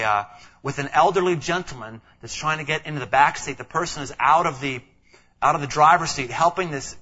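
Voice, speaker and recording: A man preaching a sermon as pastor, animated, acting out quoted voices, often repeating words as he goes. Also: fairly high pitch, breathy edge, dull audio.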